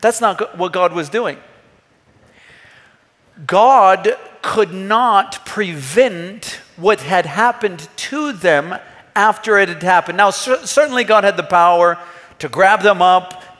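This pastor, a man in his thirties, has a high, slightly bright voice and takes his time. He preaches an earnest, emphatic sermon full of rhetorical questions, and the church hall adds a long reverb.

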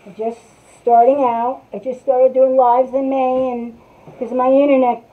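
A woman's voice: sits high, level tone, normal speed. A woman hosting a casual craft tutorial live stream, chatting to viewers while she works on a piece at her table. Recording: tinny phone-like sound.

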